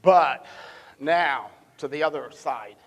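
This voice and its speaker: A male pastor delivers a sermon in a church sanctuary. His voice sits high for a man, and he leans hard on key words before dropping to a near-hush. He often repeats a word as he builds toward his point. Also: lively intonation, slow, big-room sound, lo-fi sound. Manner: emphatic, swings between loud and hushed.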